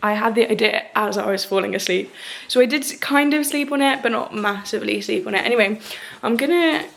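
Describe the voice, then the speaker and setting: A woman's voice: on the high side, fairly quick, vocal fry, fairly bright tone. A young woman from England chatting casually to camera in a vlog, rambling and self-mocking, swearing now and then. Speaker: vlogger.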